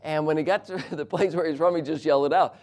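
A middle-aged man delivers a sermon, moving from a quiet prayer into a personal anecdote. His voice sits a little high for a man, and he tells the story with lively, animated energy, often chuckling as he goes. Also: fast talker. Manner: animated, laughs while telling a story. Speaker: preacher.

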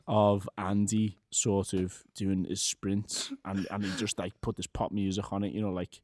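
A man's voice: sits low, little pitch movement, unhurried, darkish tone, dry recording, studio quality. A man co-hosting a podcast in casual chat, rambling and laughing often as he trails off mid-sentence. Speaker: podcast co-host.

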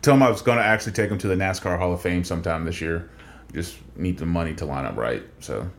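A man's voice: sits low, quick pace, slight background noise. A man in his thirties co-hosting a casual podcast chat, telling stories and acting out the dialogue. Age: 30s. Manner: storytelling, acts out dialogue. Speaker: podcast co-host.

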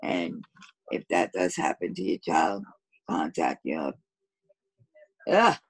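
A woman co-hosting a podcast in a casual news chat, her voice hoarse and gravelly, talking slowly with many pauses. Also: very deep voice, huge pitch swings, dry recording, rough recording. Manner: slow, halting delivery with many pauses. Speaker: podcast co-host.

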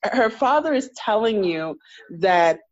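A woman's voice: mid-range voice, animated, slow pace, muffled recording. A woman co-hosting a casual TV recap chat, emphatic and opinionated, repeating her points. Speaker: podcast co-host.

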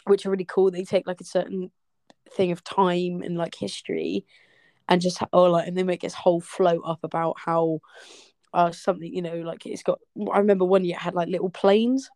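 A woman's voice: fairly low pitch, little pitch movement, brisk, darkish tone, no echo, clean studio sound. A young woman with a West Country accent, co-hosting a casual podcast chat, laughing often and throwing in sarcastic, sweary asides. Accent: West Country English. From West Country, England. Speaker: podcast co-host.

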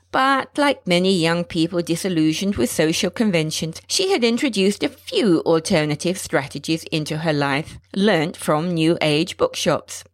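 A woman narrating a short story in a measured, expressive storytelling manner. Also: fairly low pitch, no room sound, clean studio sound.

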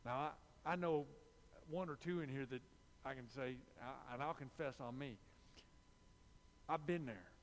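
A man's voice: mid-range voice, unhurried, pauses often, long reverb tail. A man preaching a sermon, repeating key phrases with emphasis and dropping into confessional asides.

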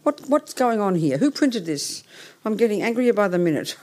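An Englishwoman leads a group session in a meeting room, with a live crowd and listeners joining remotely. She rambles, stops and restarts mid-sentence, and thinks aloud as she goes. Her pitch sits in an ordinary middle range. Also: sing-song, moderate pace, a little mellow. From England. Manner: rambling, self-interrupting, talks while sorting things out. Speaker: session leader. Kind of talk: leading a hybrid group session.

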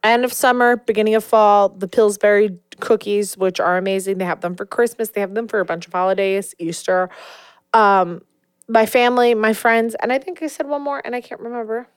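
A young woman co-hosting a casual podcast, chatty and animated, full of fillers. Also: medium pitch, a little fast, clear, resonant tone, no echo, studio quality. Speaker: podcast co-host. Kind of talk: casual chat.

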